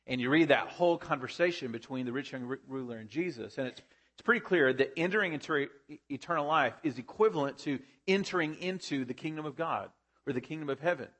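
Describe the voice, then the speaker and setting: A man's voice: medium pitch, moderate pace, fairly bright tone. A man preaching a sermon, teaching the congregation with rhetorical questions and emphatic rises and drops in his voice. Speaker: pastor.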